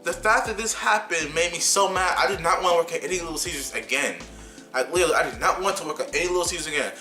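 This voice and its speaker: A young man vlogger telling a heated, animated story about being fired, often repeating himself. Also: a little high, fast, faint music behind. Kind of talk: casual storytime rant.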